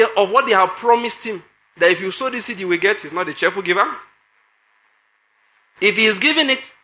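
Guy preaching, high bright voice, keeps repeating himself and quizzing the crowd. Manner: emphatic, repeats phrases, asks the congregation questions. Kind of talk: sermon.

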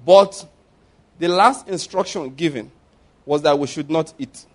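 A man's voice: a little high, measured pace. A man preaching a sermon, telling stories with animation and acting out the scenes.

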